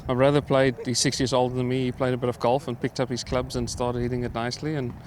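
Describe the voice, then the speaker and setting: A middle-aged man from South Africa, a professional golfer answering interview questions in a relaxed, hesitant way with many fillers. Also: medium pitch, fast, a little hiss or hum. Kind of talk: casual interview. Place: outdoors at a golf course.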